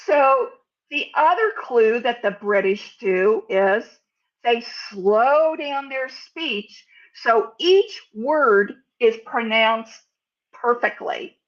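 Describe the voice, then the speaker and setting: An American woman giving a sales speaking lesson, over-enunciating example words in a deliberate, teaching manner. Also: a little high, highs cut off. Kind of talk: instructional talk to camera.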